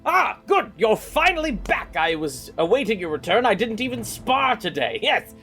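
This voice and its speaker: A man voicing an eager, boisterous young king in a high, loud voice. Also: very animated, moderate pace, breathy edge, faint music behind, full character voice. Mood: excited.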